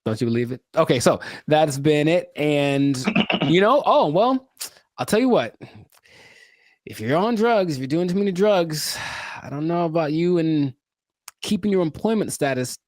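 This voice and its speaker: A man co-hosting a casual podcast, rambling and animated with frequent laughter. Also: fairly high pitch, moderate pace, no room sound, studio quality. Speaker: podcast co-host.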